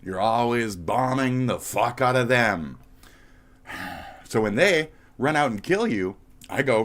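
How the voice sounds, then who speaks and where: A man's voice: medium pitch, animated, slow, a bit bright. A man streaming live commentary as a heated, profane, mocking rant. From United States.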